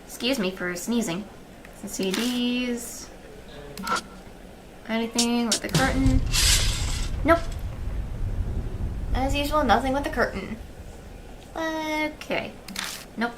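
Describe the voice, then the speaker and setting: A woman's voice: fairly high pitch, takes it slowly, pauses often, background noise. A woman streaming a game, chatting casually as she thinks aloud and reads the game's text. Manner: chatty, thinks aloud, quiet and murmured while exploring. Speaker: let's play streamer. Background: game music.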